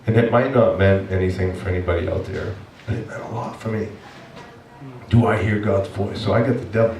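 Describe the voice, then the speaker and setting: A man's voice: on the low side, steady tone, fairly quick, a little mellow, far from the mic, a little hiss or hum. A male pastor preaching a sermon, telling a personal story in an earnest, emotional way. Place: church sanctuary. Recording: echoey church heard from afar.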